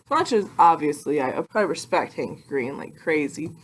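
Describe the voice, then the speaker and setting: Young woman rambling at her webcam, kinda low voice, excitable, makes fun of herself. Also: moderate pace, slight background noise. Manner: rambling, excitable, self-mocking. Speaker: vlogger. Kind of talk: casual vlog talk to camera. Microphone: computer webcam.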